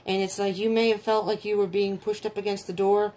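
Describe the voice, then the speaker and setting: A woman's voice: mid-range voice, little pitch movement, brisk, warm tone. A woman giving a casual tarot reading, talking bluntly and animatedly, often laughing and acting out the people she describes. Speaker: tarot reader.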